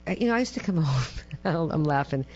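Middle-aged woman, chatty interview guest, lively storyteller, muffled lo-fi sound. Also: low-pitched, brisk. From Massachusetts. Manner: lively storyteller, acts out quotes, ends phrases with "right?". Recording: dull lo-fi with mains hum.

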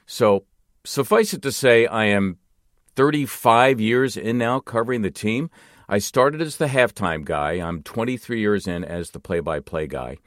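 An older man, a longtime TV basketball play-by-play voice, reminiscing in a relaxed, self-deprecating way. His voice sits low. The recording is close and dry, with no room sound. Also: unhurried, no room sound. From Northeast Philadelphia, US. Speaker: TV play-by-play announcer. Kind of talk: personal storytelling monologue.

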